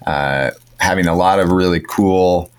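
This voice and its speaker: A man with a very low, deep voice chats casually as a podcast co-host. He rambles in an upbeat way, circling back with fillers and restarts as he goes. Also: unhurried, smooth. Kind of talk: casual chat.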